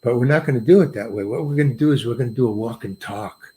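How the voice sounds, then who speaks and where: A man quoting a brisk, confident male film director while telling a story on set. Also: medium pitch, warm tone, voice pushed down, close to an everyday voice. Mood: breezy, bossy. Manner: brisk, bossy, laying out the plan. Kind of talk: quoted voice in an anecdote.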